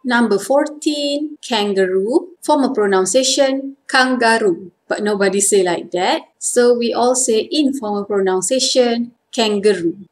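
A woman from Malaysia with a Malaysian accent, teaching vocabulary and saying each word slowly and carefully, again and again. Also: fairly high pitch. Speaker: language teacher. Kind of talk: vocabulary lesson with repeated words.

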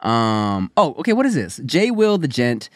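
A man's voice: medium pitch, very animated, normal speed, no room sound, clean studio sound. A man hosting a podcast, chatting loosely and joking with a guest. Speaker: podcast host. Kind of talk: casual chat.

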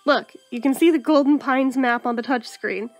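A woman's voice: high voice, normal speed, faint music behind, natural voice. A woman reading a chirpy horse-mad young heroine. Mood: eager. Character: cheerful horse-loving young woman, player character.

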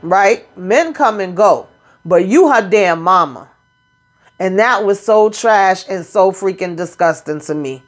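A woman's voice: medium pitch, animated, unhurried. A woman hosting a casual reality TV recap, blunt and profane, acting out quotes as she retells scenes. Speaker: YouTube reality TV recap host.

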